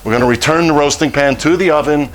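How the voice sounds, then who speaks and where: A man's voice: fairly high pitch, fast talker, a little hiss or hum. Easygoing man hosting a cooking show. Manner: relaxed, jokey, cracks puns. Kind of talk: home cooking demonstration.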